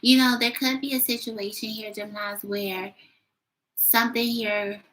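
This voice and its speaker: A woman's voice: fairly high pitch, fairly even intonation, moderate pace, fairly bright tone, rough recording. A woman giving a casual tarot reading at home, chatty, with many fillers and little laughs. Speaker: tarot reader.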